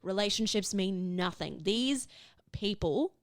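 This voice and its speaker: A woman's voice: medium pitch, lively intonation, measured pace, no room sound, clean studio sound. A young woman co-hosting a casual chat podcast, blunt and swearing, laughing often. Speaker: podcast co-host.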